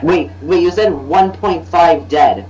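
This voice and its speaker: A man's voice: a little high, slow pace, darkish tone, a little hiss or hum, low-quality recording. A young man sitting in on a casual video, cutting in with wry, teasing comments and nitpicks. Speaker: guest co-host.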